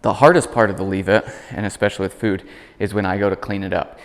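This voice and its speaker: Calm low-voiced male dog trainer. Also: quick pace, long reverb tail. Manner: calm explaining, high praise voice for dog. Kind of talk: instructional demonstration.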